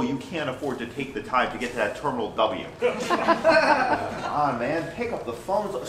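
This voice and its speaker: A man performing a stand-up storytelling monologue on stage, animated and self-mocking, often repeating phrases. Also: a little high, a little hiss or hum. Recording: roomy stage sound, mic at a distance.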